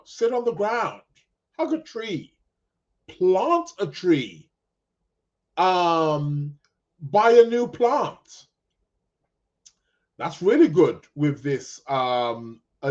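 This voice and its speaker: Male podcast host, slow and meandering, fairly high voice, lo-fi sound. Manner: slow, rambling, many ums and restarts; chuckling, addresses listeners as "people". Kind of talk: casual live astrology chat.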